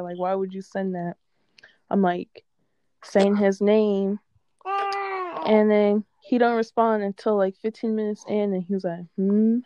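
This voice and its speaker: A woman in a casual chat, telling an animated, profane story and quoting what others said. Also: medium pitch, clear, resonant tone, dry recording, dull audio.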